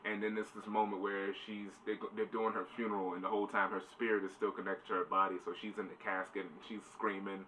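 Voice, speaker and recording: A man's voice: on the low side, pushed and bright. A man giving a casual, rambling spoiler review, swearing loosely. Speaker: show reviewer. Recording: distant mic, faint background noise.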